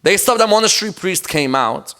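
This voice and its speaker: In a high, expressive, fairly bright voice, a preacher speaks briskly during a mosque lecture. He recounts the story with strong emphasis and checks in with his audience through rhetorical questions.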